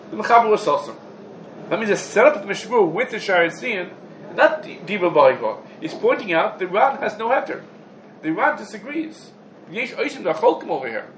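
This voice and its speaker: Speaking fairly quickly with a high voice and big pitch swings, a man teaches a halacha class in English packed with Hebrew and Yiddish terminology. He's a Talmud teacher, recorded in an echoey room with noise in the background.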